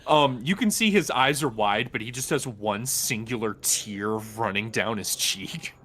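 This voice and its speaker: Bright-voiced man running a tabletop game. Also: medium pitch. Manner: casual, halting narration with many fillers. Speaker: dungeon master.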